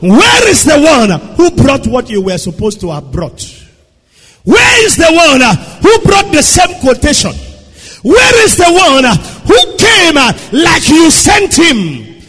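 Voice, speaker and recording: A man preaching, voicing an aged father who is trembling and alarmed and shouts pleading questions. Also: very high-pitched, wildly swooping pitch, takes it slowly, pitched above the performer's own voice, full character voice. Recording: long echo of a large hall.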